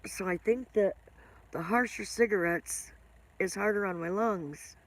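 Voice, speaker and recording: A woman's voice: medium pitch, unhurried. An older woman hosts a loose, rambling live stream and talks to her viewers by name. Her voice carries a smoker's cough, and she chats easily from one thought to the next. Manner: rambling, chatty, answers viewer comments by name.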